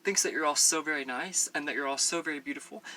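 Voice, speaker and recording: A man's voice: fairly high pitch, fast, pushed and bright, a little hiss or hum, low-quality recording. A man chatting casually to camera in a rambling vlog, full of ums and restarts, in a small room. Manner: rambling, many ums and restarts, playful sign-off. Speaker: vlogger. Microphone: camera mic, ring light setup.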